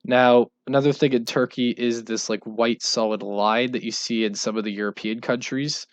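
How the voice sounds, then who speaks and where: A man giving a casual instructional voice-over on game tips, relaxed and loose, with fillers and restarts. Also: mid-range voice, normal speed, no echo. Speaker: video creator explaining game tips.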